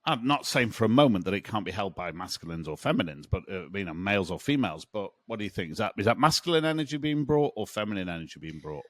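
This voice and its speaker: A man hosting a podcast, quizzing his co-host in a playful, expressive way. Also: fairly low pitch, fast talker, few pauses, no echo. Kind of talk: casual interviewing chat.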